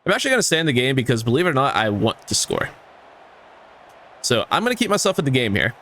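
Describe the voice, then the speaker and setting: A man's voice: mid-range voice, sing-song, fast, sharp tone, slight background noise. A man giving casual gameplay commentary, swearing and ranting at the game with exasperation. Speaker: gaming YouTuber.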